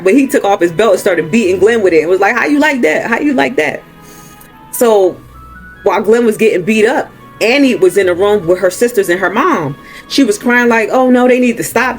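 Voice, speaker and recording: A man hosting a movie recap, retelling the story in a casual, chatty way with laughs. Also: high voice.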